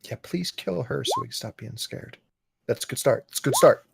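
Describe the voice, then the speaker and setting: A young man playing a tabletop game, animated and jokey, playing up his character's fear. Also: fairly quick, creaky, very noisy. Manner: animated, jokey, swoops in pitch. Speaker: player. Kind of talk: casual tabletop play.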